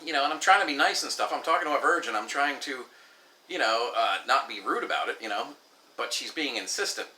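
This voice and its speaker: Man, casual story vlog, candid rambling asides, very bright sharp tone, echoey room. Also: mid-range voice, expressive, brisk. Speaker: vlogger.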